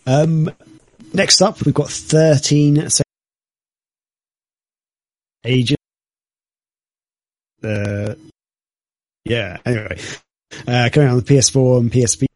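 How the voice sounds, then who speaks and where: A man hosting a casual gaming podcast, reading out a list with hesitant pauses and fillers. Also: medium pitch, a little mellow, no room sound, rough recording. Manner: hesitant, many ums and uhs.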